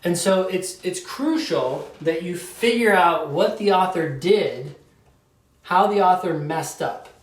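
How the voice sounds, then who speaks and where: A man's voice: sits high, animated, takes it slowly. A man teaching a test prep lesson in a conversational way, often checking in with his listeners. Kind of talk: casual explanatory lecture. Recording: roomy echo, distant mic.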